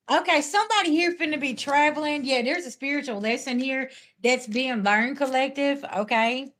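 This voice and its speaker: A woman's voice: high voice, moderate pace, a bit bright. Sassy woman live-streaming. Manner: sassy, blunt, talks straight back at chat comments. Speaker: spiritual reader livestreaming to viewers. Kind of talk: casual live-stream chat with viewers.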